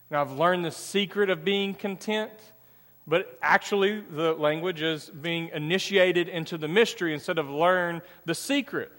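A man's voice: high-pitched, pushed and bright. A man preaching a sermon, telling a personal story in a conversational way and acting out the dialogue. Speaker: pastor. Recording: long reverb of a church hall.

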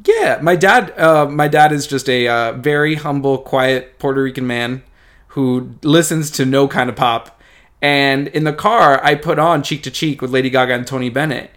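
A man co-hosting a podcast in casual chat, measured, with dry humor. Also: medium pitch, a bit bright. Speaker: podcast co-host.

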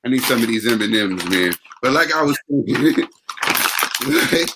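A man's voice: mid-range voice, lively intonation, brisk, very noisy. A man co-hosting a casual boxing talk show, ranting with passion and repeating himself. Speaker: podcast co-host.

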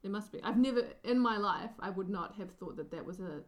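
Woman, podcast co-host, middle pitch, playful and joking. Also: fairly quick. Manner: playful, laughs often, jokey asides. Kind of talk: casual chat.

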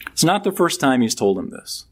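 A middle-aged man delivering a sermon from the pulpit. He talks through the text plainly, then lets his voice climb with strong emphasis on each key line. His pitch moves a lot, with an ordinary mid register. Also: big pitch swings, fairly quick, slightly rough. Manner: conversational preaching that builds to emphatic, rising peaks. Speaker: pastor.

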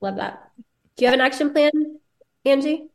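A woman's voice: sits high, moderate pace, vocal fry. A woman co-hosting a podcast, chatting enthusiastically with lots of filler words and asking the guest questions. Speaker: podcast co-host. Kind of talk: casual chat.

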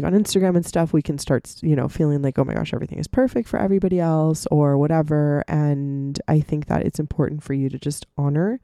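A woman hosting her own podcast, talking casually and reassuringly with a hoarse voice while she recovers from losing it. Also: deep voice, no echo, studio quality. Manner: warm, reassuring, many fillers like "you know". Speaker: podcast host. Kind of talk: casual solo podcast talk.

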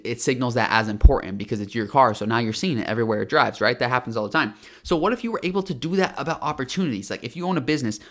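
A man's voice: medium pitch, fairly bright tone. A man hosting a motivational monologue, talking energetically with emphasis and many fillers and restarts.

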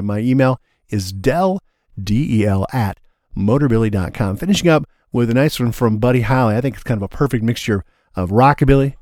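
Man, radio DJ, live show patter, keen and laid-back, close dry studio mic, average pitch. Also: darkish tone, dry recording. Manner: enthusiastic and easygoing, calls listeners "man".

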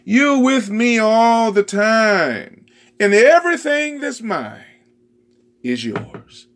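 Brief: preacher doing a patient loving father, slow and gentle, lively pitch. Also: heavily acted. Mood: tender. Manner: gentle, pleading.

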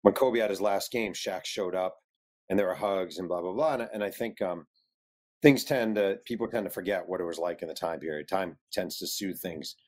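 A man's voice: sits low, normal speed. A man, an author guest, telling a story in an interview and acting out the quotes.

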